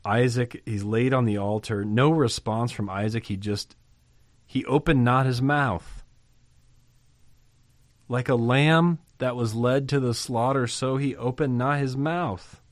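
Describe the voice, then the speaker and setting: A man's voice: medium pitch, unhurried, no echo. A man teaching a Bible passage, reading verses aloud and commenting on them conversationally.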